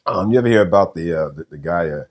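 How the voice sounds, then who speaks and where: A man who is a pastor, praying and preaching to listeners in a folksy, unhurried way, often pausing with "uh" and repeating phrases. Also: sits low, lively intonation, lo-fi sound. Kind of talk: sermon with prayer and storytelling.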